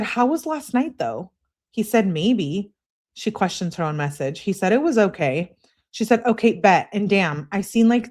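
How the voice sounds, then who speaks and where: A woman hosting a live stream, reading text messages aloud in an animated way and breaking in with wry asides. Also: medium pitch.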